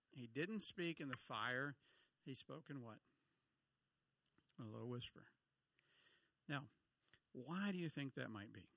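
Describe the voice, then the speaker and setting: A man's voice: medium pitch, gravelly, fairly bright tone, no room sound. A middle-aged man giving a conversational sermon, often asking his listeners questions. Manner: conversational, asks the audience questions. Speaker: pastor.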